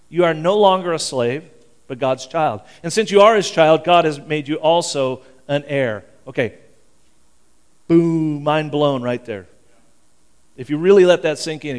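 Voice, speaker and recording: A male pastor giving a sermon in a church, talking in an animated, conversational way, fervent and full of restarts. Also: fairly high pitch, normal speed, smooth.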